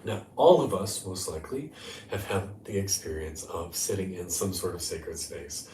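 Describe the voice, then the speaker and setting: Deep-voiced man guiding a meditation. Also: animated, echoey room, recorded from a distance, slight background noise. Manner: gentle, unhurried spiritual talk. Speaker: life coach and meditation host. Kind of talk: live-streamed guided meditation talk. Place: hotel room.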